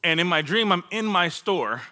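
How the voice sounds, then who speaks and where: Guy pastor doing his testimony in a sermon, super bright tone, kinda high, acts out his old self. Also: animated, moderate pace. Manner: storytelling, acts out his own past words, laughs at himself.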